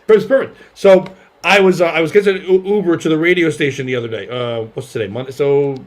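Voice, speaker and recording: A man's voice: a little high, fast, noisy background. A male comedian and podcast host telling a story in casual banter and acting out the people in it. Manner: animated, acts out other voices loudly.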